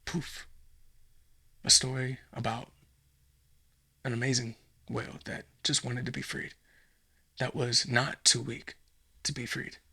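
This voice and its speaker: A man putting on a hushed, gravelly robber. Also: medium pitch, expressive, a little fast, full character voice. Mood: wistful. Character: gruff male home-invading robber, soft and nostalgic.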